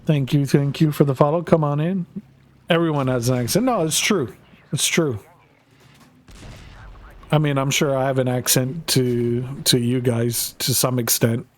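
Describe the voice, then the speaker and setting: A man's voice: mid-range voice, unhurried, pauses often. A man chatting casually to viewers while he plays a game on a live stream, talking in a loose, rambling way with plenty of swearing.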